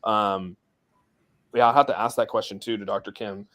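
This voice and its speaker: A man's voice: fairly low pitch, steady tone, normal speed, a bit bright. A man hosting a casual crypto livestream from outside in a shed, rambling with lots of fillers. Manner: rambling, filler-heavy, laid-back. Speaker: crypto community stream host.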